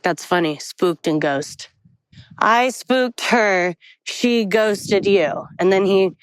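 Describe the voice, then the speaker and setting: A woman vlogger with a lowish voice tells a candid, rambling story into her phone while hiking a forest trail outdoors. It's a casual storytelling vlog recorded on a phone held as she walks, with no echo but low audio quality.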